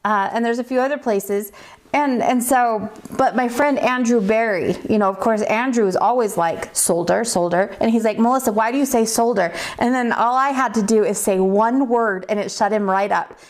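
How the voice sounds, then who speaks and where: A woman's voice: fairly high pitch, normal speed. A middle-aged woman from the United States, a metalsmithing teacher chatting casually with viewers while teaching, laughing often and sounding tired. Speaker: livestream host, metalsmithing teacher.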